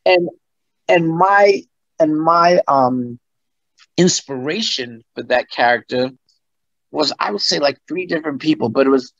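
A man's voice: fairly high pitch, a little slow, no echo, muffled recording. A man, a guest musician, telling stories in an interview and acting out what people said. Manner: animated, acts out quotes. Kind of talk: interview storytelling.

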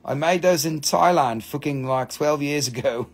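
A man hosting a live-stream mineral sale, gushing excitedly over each stone, swearing freely and calling out prices. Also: fairly high pitch, unhurried. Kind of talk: live-stream sales chat.

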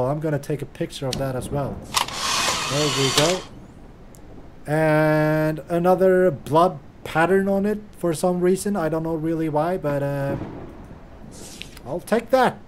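Slow-talking man playing a horror game. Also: a little high, darkish tone, slight background noise. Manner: casual, chatty, reacting aloud and swearing. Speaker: gaming streamer. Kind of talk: horror game let's play commentary.

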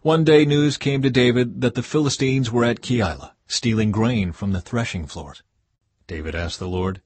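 Husky male Bible reader. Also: mid-range voice, moderate pace, dry recording. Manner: steady, expressive reading. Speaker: audiobook narrator. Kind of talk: scripted Bible reading.

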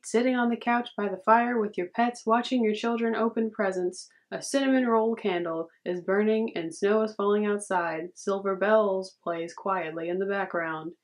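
A young woman vlogging casually, reacting to memes with sarcastic, chatty commentary. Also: mid-range voice. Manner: sarcastic, says "dude" a lot. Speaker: YouTuber.

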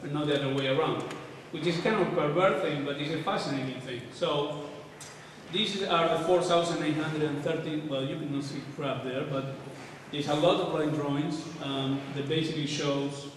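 Male lecturer, casual and irreverent; slightly high voice, long hall reverb, faint background hiss. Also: normal speed, recorded from a distance. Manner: casual, irreverent, occasionally swearing. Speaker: architect giving a lecture. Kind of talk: informal lecture. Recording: echoey hall, voice from afar.

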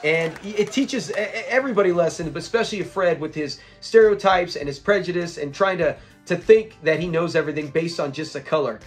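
A man hosting an episode review, retelling scenes in a lively, chuckling, casual way. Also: a little high, fairly quick, hardly any pauses, faint music behind.

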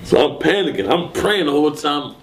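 Animated man telling a story. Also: brisk. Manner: animated, acts out quotes and shouts in sudden high bursts. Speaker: interviewee. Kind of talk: casual storytelling interview.

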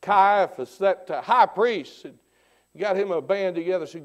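A man preaching a sermon who swings from hushed tones to shouting and keeps repeating rhetorical questions in church. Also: high voice, unhurried. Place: church sanctuary.

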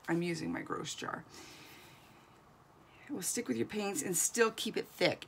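A woman's voice: lowish voice, gravelly, a bit bright. A woman giving a chatty, encouraging crafting tutorial as a doll artist, thinking aloud as she works.

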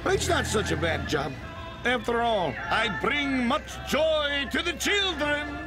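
Casting: an earnest, hulking German woodsman, high lively voice, slow delivery, film soundtrack with loud music under it. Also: full character voice. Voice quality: slow, formal, stiff phrasing. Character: big gentle male woodsman, earnest aspiring actor.

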